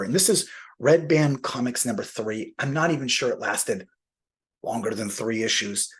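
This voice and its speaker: A man with a very husky, rough-edged voice at an everyday middle pitch. He talks casually while he unboxes, thinking aloud and poking fun at himself. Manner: chatty and self-deprecating, thinking aloud. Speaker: comic book collector.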